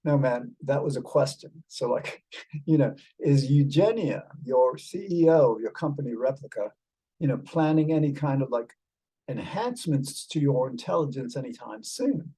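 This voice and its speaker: In a low-quality recording of a video call, a man hosting a show chats with an AI companion, his mid-range voice animated, dark and slightly rough at normal speed. He rambles casually in a fake British accent, dropping many fillers and calling his listener "mate."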